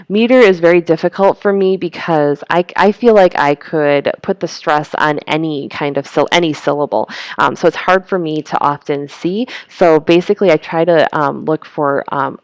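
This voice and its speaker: A woman's voice: deep voice, creaky, clear, resonant tone, no echo. A woman teacher explaining poetry terms in a recorded lecture, with frequent ums. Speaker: high school English teacher.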